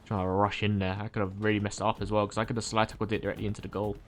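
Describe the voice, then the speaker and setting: An Irish man streams a game and chats casually in a slightly groggy way, rambling with fillers and restarts. His lowish voice is level in tone and rapid-fire, with soft music playing behind him.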